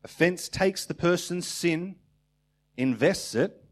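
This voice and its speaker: A man's voice: high-pitched, takes it slowly. A man preaching a sermon in a conversational way, now and then acting out little everyday exchanges.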